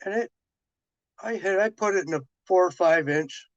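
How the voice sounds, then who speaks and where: A man's voice: sits high, normal speed, no echo. A man casually chatting with viewers on a live stream, telling a rambling story full of restarts and quoted dialogue. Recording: dull lo-fi dry sound.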